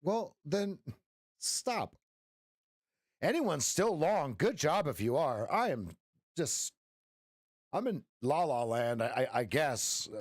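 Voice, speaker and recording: A middle-aged man coaching traders on a live stream, his voice sitting a little higher than most men's. He rambles and jokes, restarting sentences and tossing in "right?" as he goes. The sound is close and dry. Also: big pitch swings, measured pace, dry recording. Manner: rambling and joking, with frequent restarts and "right?" tags. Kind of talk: casual live-stream trading commentary.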